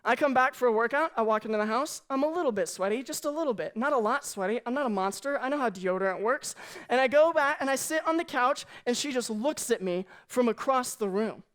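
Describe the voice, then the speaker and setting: A young adult man and youth pastor preaching a humorous youth sermon, telling animated stories and acting out the voices of the people in them. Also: extremely high pitch, brisk. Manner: animated storytelling, acts out quoted voices.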